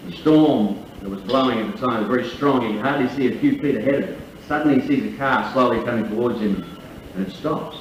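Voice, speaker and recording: A man serving as MC at a lunch cracks jokes and unwinds a lengthy tall tale full of swearing, stand-up style. He talks fast in a mid-range voice; the recording, made from far off in a big function room, is echoey and dull with slight background noise.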